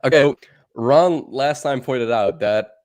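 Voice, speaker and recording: A man's voice: mid-range voice, measured pace, darkish tone. A young man with a Dutch accent, chatting loosely on a livestream, laughing and swearing as he rambles. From Netherlands. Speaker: livestream co-host. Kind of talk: casual livestream chat.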